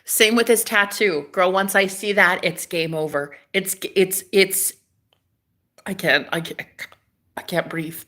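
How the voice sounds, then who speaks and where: A woman chatting casually on a live stream, dramatic and gushing, swinging from loud exclamations to hushed asides. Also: medium pitch, fairly even intonation, a little slow.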